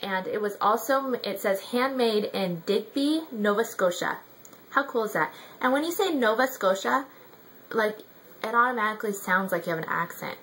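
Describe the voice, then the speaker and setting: A woman's voice: medium pitch, lively intonation, normal speed, fairly bright tone, a little hiss or hum, low-quality recording. A young woman chatting casually in a product review vlog, rambling with many ums and likes. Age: young adult.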